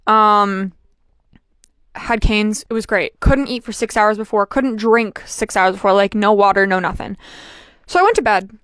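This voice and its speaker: A young woman chatting casually as she tells a personal story, with lots of fillers and an animated delivery. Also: medium pitch, unhurried, smooth, dry recording, clean studio sound. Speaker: vlogger.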